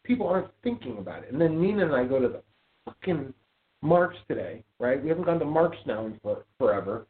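A man tells a story in an animated, indignant rant, his voice rising and falling a lot. He is hosting a casual call-in show. The audio is thin and tinny, like a phone line. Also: a little high, fast talker. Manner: animated ranting storyteller, gets loud and indignant. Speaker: podcast host.

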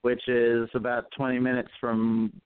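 A man's voice: mid-range voice, completely flat delivery, normal speed, smooth, no room sound. A man calling in as a co-host, chatting casually and teasing. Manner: joking and teasing. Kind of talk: casual chat. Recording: tinny phone line.

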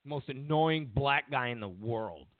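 A man's voice: mid-range voice, measured pace, no room sound. A man hosting a talk show, ranting in a profane, mocking way. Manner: profane, mocking, animated rants. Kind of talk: ranting commentary. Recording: dry tinny phone-like sound.

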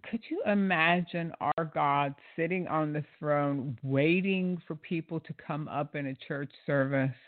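Indignant, sarcastic male commentator with a high voice, dry tinny phone-like audio. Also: measured pace, hardly any pauses, no room sound. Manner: indignant, sarcastic, hesitant with fillers. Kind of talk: critical commentary on a clip.

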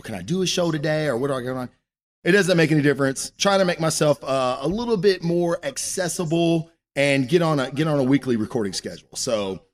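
A man hosting his own comic book show, chatting casually and rambling with plenty of cussing. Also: a little high. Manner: profane, rambling and loose. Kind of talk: casual live-stream chat.

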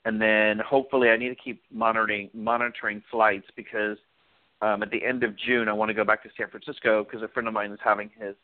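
A man co-hosting a podcast in casual chat, relaxed and rambling with fillers. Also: lowish voice, fast talker, no echo. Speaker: podcast co-host. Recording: dry, phone-like sound.

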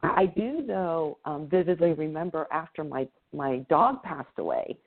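A woman's voice: sits low, very animated, normal speed, vocal fry. A woman in her fifties in a casual chat, agreeing and reflecting. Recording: phone-like narrow audio.

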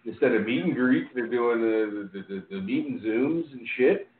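An animated man hosts a podcast in loose, profane chat, and his voice leaps upward whenever he mocks someone. The audio is narrow and phone-like, with a roomy echo around him. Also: normal speed. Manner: animated, profane, voice jumps high when mocking. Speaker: podcast host. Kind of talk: casual ranting chat. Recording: echoey, phone-like sound.

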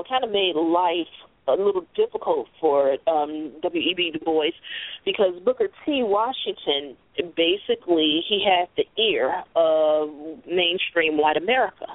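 A woman's voice: lowish voice, no room sound. A woman hosting a casual discussion, emphatic and blunt, with some swearing. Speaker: host. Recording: phone-like lo-fi audio.

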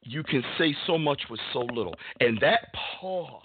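A man hosting a casual sports talk show, telling stories in an animated way with many restarts. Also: mid-range voice, moderate pace, slight background noise. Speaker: podcast host. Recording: dry, phone-like line.

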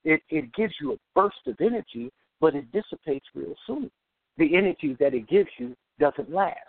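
An emphatic man gives a motivational talk, his voice swinging widely in pitch with a gravelly edge. He slows down to repeat key phrases. The sound is dry and tinny, like a phone line. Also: animated, no room sound. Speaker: podcast host and self-improvement speaker.

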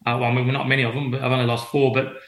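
A young Australian professional boxer, appearing as a guest, tells stories in a casual interview with a medium-pitched, slightly bright voice. His delivery is flat and rapid-fire, loose and rambling with many fillers and restarts. The recording has a roomy echo.

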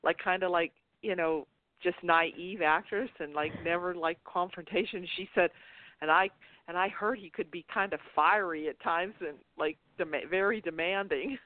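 Talking soap operas on her casual internet radio program, this woman host rambles, restarts and laughs. Her pitch is fairly low and her pace moderate, heard over a dry, echo-free, tinny phone connection.

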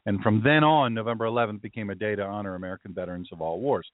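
A man's voice: lowish voice, very fast, dry recording. A man hosting a faith and politics show as a pastor, talking in a rambling monologue full of asides. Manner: rambling, with conversational asides and restarts. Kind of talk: casual podcast monologue. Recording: dry, phone-like narrow sound.

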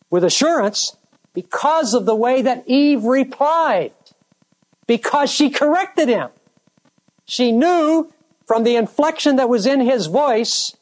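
A preacher delivering a sermon in a deliberate way, stretching out key words for emphasis. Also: high-pitched, low-quality recording.

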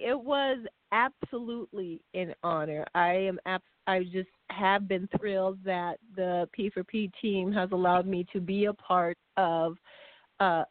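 A woman co-hosting a casual chat show, playful and quick to laugh. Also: mid-range voice, no room sound. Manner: giggly, playful. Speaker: co-host. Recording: tinny phone-like line.

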